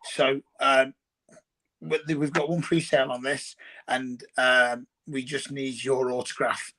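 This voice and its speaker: A man's voice: medium pitch, flat delivery, takes it slowly, bright, forceful tone, poor audio. A man hosting a live virtual signing, chatting casually and guiding the guest through the autographs. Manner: friendly, runs the signing, chatty.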